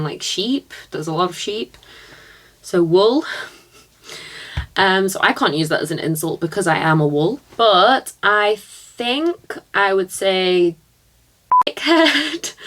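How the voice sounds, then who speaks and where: A young woman talks unhurriedly through a quiz, reading each question and musing over her answers. Her chat is casual and loose, and she thinks aloud as she goes. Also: mid-range voice. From northwest England, near Liverpool. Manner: chatty, thinking aloud, quick laughs. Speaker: vlogger.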